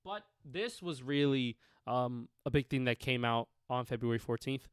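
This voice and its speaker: A man's voice: mid-range voice, moderate pace, clear, resonant tone, no echo, studio quality. A man co-hosting a casual sports podcast, talking loosely with a lot of swearing. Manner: profane, loose, joking. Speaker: podcast co-host.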